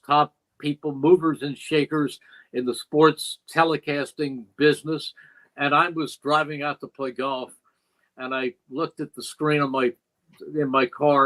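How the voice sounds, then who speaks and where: A man's voice: medium pitch, a bit bright, poor audio. Older man, veteran sports broadcaster. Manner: earnest, reflective storyteller who acts out quoted dialogue. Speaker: veteran radio play-by-play broadcaster, guest. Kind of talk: interview storytelling.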